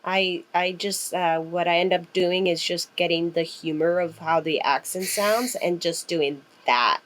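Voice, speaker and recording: Woman co-host, lowish voice, excitable chatter, swears freely, lots of fillers. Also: a little slow, slight background noise, low-quality recording. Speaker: podcast co-host. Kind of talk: casual chat.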